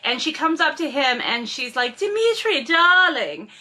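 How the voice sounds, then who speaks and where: A woman's voice: high-pitched, moderate pace, pushed and bright. A woman reading aloud from a novel and breaking off into sarcastic, wry commentary on it. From from a Russian family. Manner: sarcastic, wry asides between read passages. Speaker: podcast host reading and critiquing a novel.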